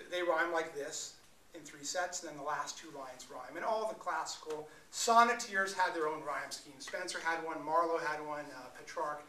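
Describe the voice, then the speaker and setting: A man giving an energetic, joking live talk about poetry to an audience at a venue. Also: on the high side, slight background noise. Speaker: poet performer. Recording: echoey room, mic far off.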